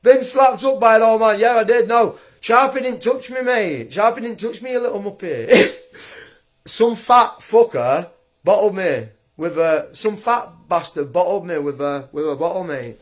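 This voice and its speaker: Unhurried in his delivery, a high-voiced young man vents in an angry livestream rant, mocking and goading his critic with combative disdain and breaking into laughs.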